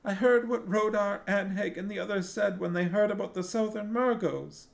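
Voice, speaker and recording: A man reading a novel aloud and voicing a small, fiery young princess who speaks in a high, tearful, pleading way. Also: moderate pace, creaky. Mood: sobbing.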